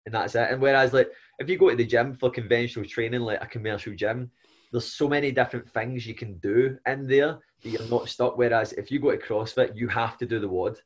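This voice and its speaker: A man's voice: mid-range voice, fairly even intonation, fairly quick. A man hosting a casual podcast as a fellow coach, chatty and agreeable, building on his guest's points. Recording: dull lo-fi audio.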